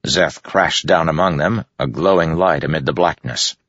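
A man narrating a fantasy audiobook with a steady, measured reading, in a dull, dry recording. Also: very deep voice, no echo.

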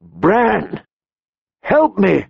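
A man's voice: very animated, slow pace, vocal fry, no echo, heavily acted. A man voicing Catelyn, a sobbing frantic mother. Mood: urgent. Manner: high, trembling, pleading cries. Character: grieving noble mother, distraught and frantic. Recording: dull dry recording.

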